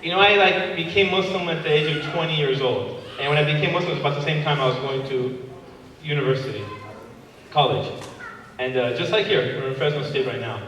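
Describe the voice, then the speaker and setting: High bright comedian in an echoey hall. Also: male voice, brisk, a little hiss or hum. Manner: energetic, crowd-working, acts out voices and sound effects. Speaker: stand-up comedian. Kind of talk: stand-up comedy set. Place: large hall before a live audience. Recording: echoey hall recorded from far off.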